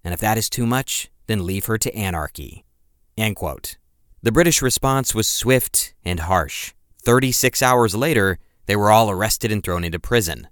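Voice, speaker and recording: Male podcast narrator with a lowish voice, dry studio sound, reads quotes with weight. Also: lively intonation, moderate pace, fairly bright tone, clear, resonant tone, no room sound. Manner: reads quotes aloud with dramatic emphasis. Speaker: history podcast host. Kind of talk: scripted narration.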